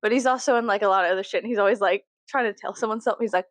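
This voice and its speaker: A young woman from Texas talks straight to camera in a loose, rambling vlog, swearing freely and joking as she goes. Her voice sits at an ordinary middle pitch, and the sound is close and dry with no room around it. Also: expressive, racing, no room sound. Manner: profane, chatty, jokey. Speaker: vlogger. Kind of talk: casual rambling monologue.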